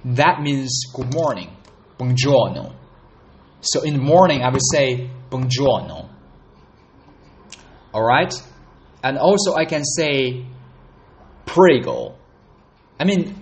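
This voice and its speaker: A man talks slowly and easily in a casual solo podcast. He chats at a relaxed, deliberate pace and says words over and over to practice them, in a voice of middle pitch. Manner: unhurried, chatty, repeats words to practice. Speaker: podcast host learning Italian.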